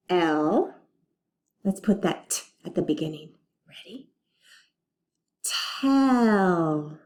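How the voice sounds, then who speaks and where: A woman teaching a recorded phonics lesson to young children, slowly and patiently sounding out letters and words. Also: medium pitch, warm tone. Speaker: reading teacher.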